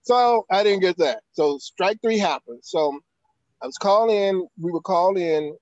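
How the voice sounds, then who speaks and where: A man's voice: high voice, expressive, normal speed, no echo, lo-fi sound. An older man, an actor, telling a long anecdote in an interview, acting out quotes and using frequent fillers. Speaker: actor guest. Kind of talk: storytelling in an interview.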